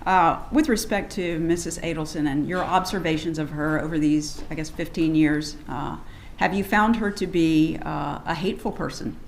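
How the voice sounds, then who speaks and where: Woman attorney in court: lower voice, measured questions, lots of "okay", faint hiss underneath. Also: creaky. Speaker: defense attorney. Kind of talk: courtroom direct examination.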